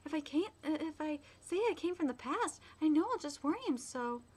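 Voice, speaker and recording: Flustered shy young woman in love, as a woman reads her from a manga, stammering, high-pitched voice, lively swoops in pitch. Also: a little fast. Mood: excited. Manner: stammering, nervous. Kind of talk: reading manga aloud.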